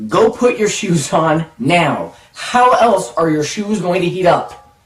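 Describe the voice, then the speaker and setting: A man playing an exasperated adult scoutmaster who gives slow, commanding orders. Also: sits high, animated. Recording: roomy echo, distant mic.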